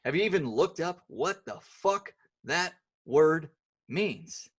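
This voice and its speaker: A man's voice: fairly high pitch, expressive, takes it slowly, husky. A man hosting a podcast in casual chat, blunt and profane in his rants. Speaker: podcast host.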